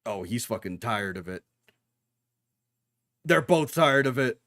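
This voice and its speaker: A man's voice: medium pitch, lively intonation, takes it slowly, pauses often, a bit bright, no room sound, clean studio sound. A young man giving casual reaction commentary while watching anime, talking back to the screen with jokes and swearing.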